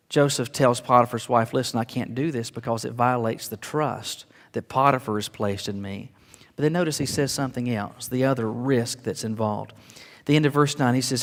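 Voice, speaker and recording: A man's voice: mid-range voice, in a large hall. A man preaching a sermon as pastor, earnest and rising to emphatic declarations, often repeating words as he builds.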